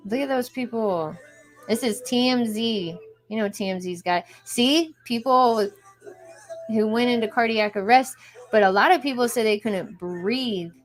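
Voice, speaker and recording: A woman's voice: a little high, unhurried, faint music behind. Young woman on a late night stream, talking to y'all while she watches clips. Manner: chatty, reacting to videos, talks to viewers as y'all. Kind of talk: live stream commentary.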